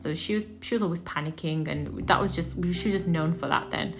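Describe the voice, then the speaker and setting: A young woman, hosting a podcast and retelling a work story in a chatty, animated way with many fillers. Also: mid-range voice. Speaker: podcast host, doctor in general practice. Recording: guitar music playing under the voice.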